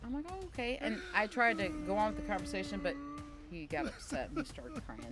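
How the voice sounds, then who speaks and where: A woman co-hosting a casual podcast chat, telling a story with lively acted-out quotes and sound effects. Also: mid-range voice, brisk, vocal fry, music in the background. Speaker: podcast co-host.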